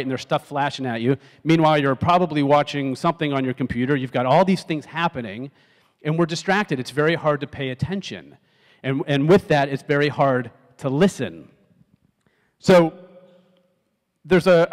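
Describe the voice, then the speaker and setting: A middle-aged man speaking live on stage in a large auditorium, his slightly high voice carrying a long hall echo. He talks conversationally, asks the crowd questions and acts out text messages in different tones. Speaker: speaker giving a talk. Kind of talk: live stage talk to a youth audience.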